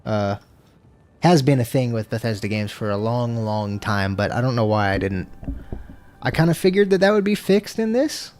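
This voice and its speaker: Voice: mid-range voice, animated, moderate pace, darkish tone. A streamer chatting casually with viewers during a gameplay livestream, swearing freely and breaking into frustrated outbursts. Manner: laid-back, talks to chat.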